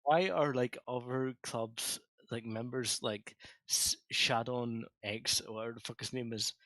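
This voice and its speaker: A man's voice: mid-range voice, steady tone, unhurried, fairly bright tone, no echo. Blunt, swearing man arguing. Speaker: panel guest. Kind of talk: casual heated chat.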